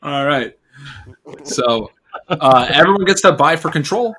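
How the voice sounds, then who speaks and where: A man's voice: a little high, expressive, unhurried, pushed and bright. A young man running a tabletop game as game master, rambling and laughing often as he narrates.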